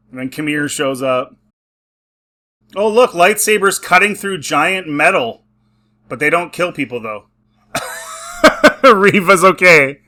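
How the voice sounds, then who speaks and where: A man's voice: mid-range voice, pushed and bright. A man giving a casual, sarcastic review commentary, exasperated and often laughing at the scenes he describes. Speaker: film and TV reviewer.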